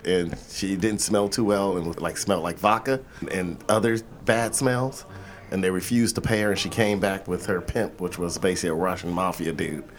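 A man co-hosting a casual chat, telling stories in a loud, profane, animated way. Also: sits low, moderate pace.

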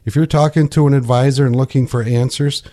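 A man's voice: mid-range voice, fairly even intonation, quick pace, mellow. Middle-aged man explaining conversationally. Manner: conversational, explanatory, frequent restarts. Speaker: financial coach. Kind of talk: radio talk show.

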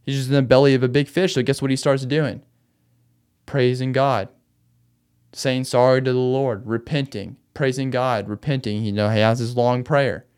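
Podcast host, male, mid-pitched and resonant, casual slangy storyteller for a laid-back faith show. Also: fairly even intonation, normal speed, darkish tone, clear, resonant tone. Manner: loose, chatty storytelling with slangy asides.

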